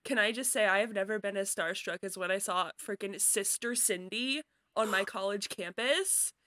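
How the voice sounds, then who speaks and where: A woman in her twenties chatting casually as a player, telling stories in an animated, giggly way. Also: medium pitch, moderate pace, dry recording, studio quality. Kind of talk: casual chat.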